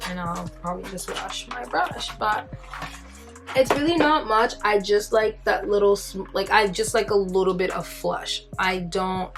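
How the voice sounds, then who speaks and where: A woman chatting casually as she walks through her makeup routine, rambling, self-deprecating, full of fillers. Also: mid-range voice. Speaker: beauty vlogger. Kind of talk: casual makeup tutorial chat.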